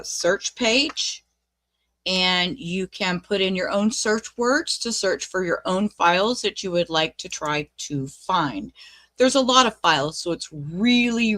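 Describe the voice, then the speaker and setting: Slow-talking woman reacting. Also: on the low side, expressive, a bit bright. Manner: slow, hesitant, with fillers, flaring into outrage. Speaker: reaction channel host. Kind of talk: casual reaction commentary.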